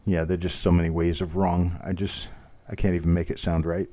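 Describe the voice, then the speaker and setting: A man's voice: deep voice, level tone, fairly quick, few pauses, mellow. A man hosting a live online coin auction, calling bids in a rhythmic patter and joking about himself between lots. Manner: chatty, self-deprecating, rhythmic bid calling. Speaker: auctioneer host.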